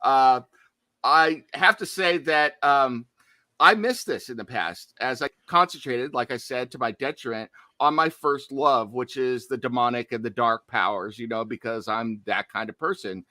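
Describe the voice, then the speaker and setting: Bright-voiced animated male podcast co-host. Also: mid-range voice, moderate pace, dry recording. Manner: animated, digressive, playful asides. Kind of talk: casual horror podcast chat.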